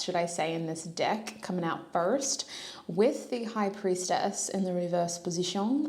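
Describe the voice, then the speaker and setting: A woman's voice: mid-range voice, a little mellow, slight background noise. A woman doing a casual tarot reading, chatty, laughing often and acting out little dialogues. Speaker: tarot reader.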